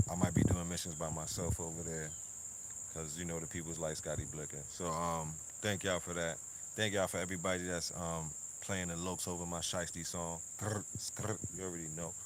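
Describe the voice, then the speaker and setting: A man chats casually on his livestream. He is laid-back, full of slang and giving shout-outs, and he repeats words as he goes. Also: sits low, slight background noise. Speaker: streamer and show host.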